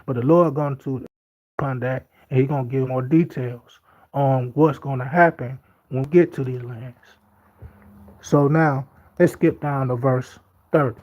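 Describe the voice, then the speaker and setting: A man's voice: mid-range voice, steady tone, measured pace. A man teaching from the Bible in an informal talk. He reads scripture aloud, then comments in loose everyday speech, often repeating himself for emphasis. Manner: repetitive and emphatic. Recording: slightly dull lo-fi audio.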